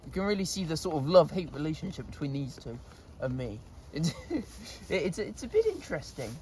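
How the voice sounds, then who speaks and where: A man's voice: a little high, big pitch swings, brisk, darkish tone, a little hiss or hum. A man chatting casually to camera outdoors in a goat pen, laughing often and scolding his animals. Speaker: vlogger. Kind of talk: casual vlog talk.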